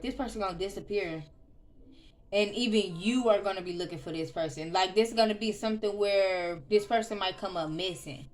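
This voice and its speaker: A woman reads tarot cards in a relaxed, chatty way, thinking aloud and circling back on her words. Her voice sits at an ordinary middle pitch for a woman. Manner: chatty, loose, with frequent ums and restarts; soft murmured prayer. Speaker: tarot reader. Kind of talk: casual tarot reading.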